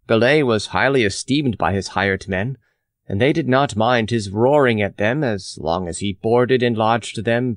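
A man narrating a classic novel in a measured, expressive audiobook reading. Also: mid-range voice, no room sound, clean studio sound.

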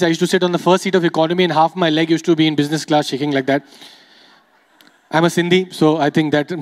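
A man's voice: high voice, big-room sound. A man from the Emirates doing stand-up comedy on stage, chatty and teasing, working the crowd. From United Arab Emirates. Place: comedy stage before a live audience.

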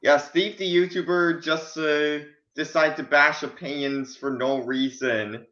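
A young man chatting casually on a stream, sounding tired and halting, with many fillers. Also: on the high side, fairly even intonation, bright, forceful tone. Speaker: stream co-host. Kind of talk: casual chat. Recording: lo-fi, echoey room.

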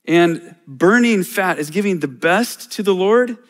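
A man's voice: high-pitched, lively intonation, a little slow. A middle-aged man, a church elder, preaching a sermon in a conversational way with self-deprecating humor.

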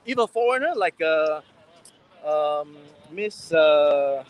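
A man with a Singaporean English accent, hosting a livestream while walking a city street. His voice sits high for a man, and he rambles with fillers and restarts as he talks into a handheld phone. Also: animated, takes it slowly, smooth. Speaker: livestream host. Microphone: phone held on a livestream.

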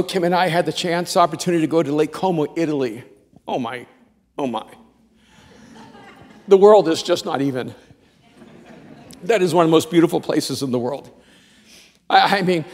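A male pastor preaching a sermon, telling stories in a rambling, animated way with many restarts. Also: on the high side, in a large hall.

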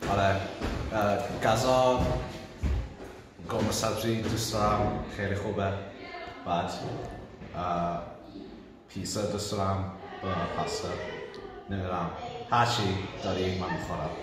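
Hesitant male pupil, low, distant, noisy hall. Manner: hesitant, halting. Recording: distant booming hall, loud noise.

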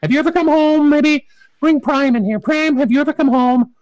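A man's voice: extremely high pitch, a little fast, darkish tone, no echo, low-quality recording. A man hosting a comic talk show, chatty and self-mocking, often stumbling over his words. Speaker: host.

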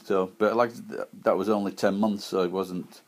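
A man from Sheffield talks into his iPad camera with a broad Yorkshire accent. His voice sits fairly low, and he rambles, stopping and restarting his sentences as he chats casually to viewers. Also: fairly even intonation. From Sheffield, England. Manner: rambling, halting, with many restarts and pauses. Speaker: vlogger.

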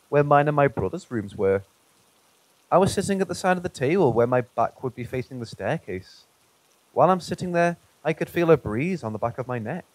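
A man reading true paranormal stories aloud in a calm, even narration. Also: medium pitch, rough recording. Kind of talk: scripted narration.

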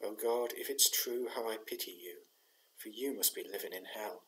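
A disillusioned young soldier pours out his grief in earnest verse, as a man reads him aloud. The voice sits low and is spoken as a poetry reading, not as a full character turn. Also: normal speed, fairly bright tone, a little hiss or hum, natural voice, low-quality recording. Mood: grieving. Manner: earnest, grieving recitation of verse.

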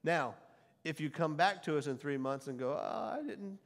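A middle-aged pastor preaches to his congregation in a fairly high male voice. He swings from booming scripture readings to casual, chatty asides. A long hall reverb trails after his words. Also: moderate pace. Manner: animated preaching, quoting scripture loudly, then dropping to a conversational aside. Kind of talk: sermon. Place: church sanctuary before a congregation.

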